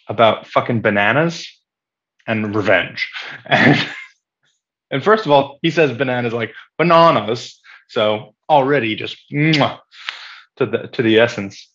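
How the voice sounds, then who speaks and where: A man's voice: fairly low pitch, creaky, a bit bright. A man co-hosting a podcast in casual political chat, sarcastic and profane, laughing often. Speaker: podcast co-host. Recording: dull lo-fi audio.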